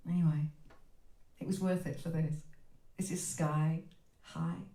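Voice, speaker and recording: A woman singer-songwriter telling a lively, profane, self-mocking story between songs. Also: low-pitched, measured pace, long pauses, reverberant.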